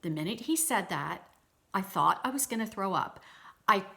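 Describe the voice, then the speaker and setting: A woman vlogger telling a personal story to her viewers in a chatty, animated way, with frequent restarts. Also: medium pitch, moderate pace, gravelly. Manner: addresses viewers directly.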